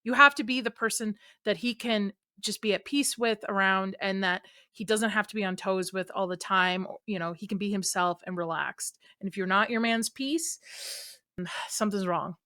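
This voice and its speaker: A woman guest on a casual panel chat, emphatic and animated. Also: mid-range voice, moderate pace, no room sound, clean studio sound.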